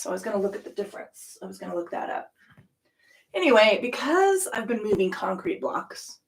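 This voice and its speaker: A woman's voice: medium pitch, recorded from a distance. A middle-aged woman hosting a yoga channel, chatting casually in a profane, rambling, ranting way. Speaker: yoga studio owner and host. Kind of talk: casual chat.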